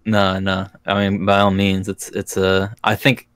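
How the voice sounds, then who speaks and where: A man's voice: deep voice, monotone, unhurried, a bit bright, clean tone. A man in his twenties hosting a podcast, chatting casually in a laid-back, slangy way. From Florida. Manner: laid-back, slangy, says "freaking" a lot. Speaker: podcast host. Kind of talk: casual chat.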